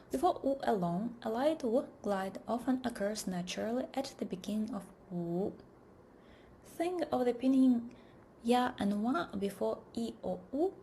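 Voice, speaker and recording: A woman narrating a pronunciation lesson in a measured, deliberate way, often trailing off into a whisper. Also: on the high side, dark tone, slight background noise. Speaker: language teacher. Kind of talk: slow scripted lesson narration.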